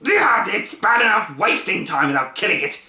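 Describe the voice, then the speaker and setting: Man doing a gruff, scolding clockwork watchdog. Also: fairly high pitch, big pitch swings, moderate pace, pushed and bright, full character voice. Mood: growling. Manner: growling, barking, scolding. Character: gruff clockwork watchdog, male, impatient and stern. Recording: echoey room.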